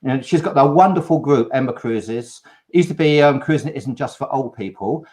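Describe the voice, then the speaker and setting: A man's voice: medium pitch, lively intonation, moderate pace, a little mellow. A man hosting a live online chat, upbeat and reading out viewer comments. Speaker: host of a live cruise chat. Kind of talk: casual live-stream chat.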